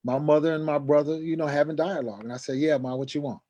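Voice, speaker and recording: A middle-aged man telling a personal story in a lively conversational way, acting out the dialogue and raising his voice sharply in the heated parts. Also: a little high, quick pace, lo-fi sound. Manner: acts out quoted dialogue, voice rising sharply when agitated. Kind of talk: animated storytelling.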